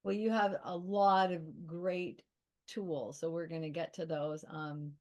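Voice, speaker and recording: A woman's voice: fairly low pitch, fairly even intonation, slow pace, darkish tone. A woman hosting a podcast interview, talking casually as she sets up questions. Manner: conversational, with fillers and restarts. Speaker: podcast host.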